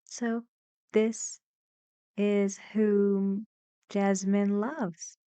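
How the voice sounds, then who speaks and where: A woman's voice: mid-range voice, little pitch movement, warm tone, smooth, no room sound. A woman English teacher explaining a listening exercise in a video lesson, patient and encouraging. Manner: patient, encouraging, slightly halting.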